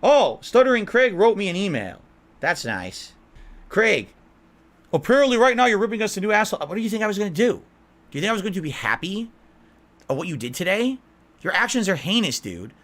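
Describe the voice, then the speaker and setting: A man's voice: high voice, very animated, a little fast, a bit bright. A man in an interview, talking in a rambling, defensive and emotional way. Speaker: content creator being interviewed.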